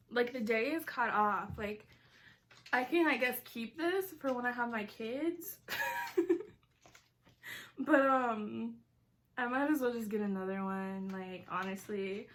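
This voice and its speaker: A woman's voice: on the high side, a bit bright. Chatty young woman vlogging over food. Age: 20s. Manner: chatty, says "like" a lot, giggly asides. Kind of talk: casual mukbang vlog.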